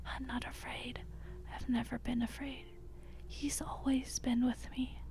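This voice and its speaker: A woman voicing a serene, dying elderly mother in a whispered role-play, speaking in a slow, hushed, breathy whisper. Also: fairly high pitch, flat delivery, pitched below the performer's own voice.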